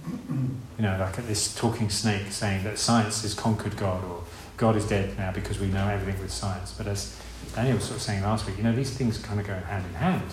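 A man's voice: lowish voice, steady tone, moderate pace, slight background noise. A man preaching an informal sermon in a conversational, rambling way, with many restarts and asides. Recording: roomy hall with faint ambience.

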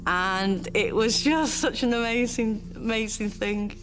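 A woman giving an emotional personal testimony, halting and tearful at times. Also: fairly high pitch. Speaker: interviewee sharing her story.

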